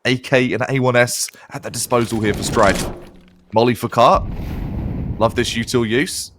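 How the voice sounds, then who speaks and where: A man calling a competitive shooter match as play-by-play caster, with lively, punchy calls and slang. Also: medium pitch, moderate pace, background noise. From Canada. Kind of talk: esports play-by-play commentary.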